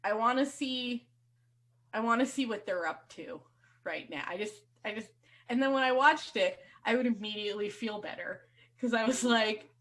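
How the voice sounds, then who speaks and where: A woman's voice: a little high, moderate pace. A woman from Canada co-hosting a podcast, chatting animatedly and playfully. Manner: animated, laughs easily, playful. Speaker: podcast co-host. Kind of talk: casual chat.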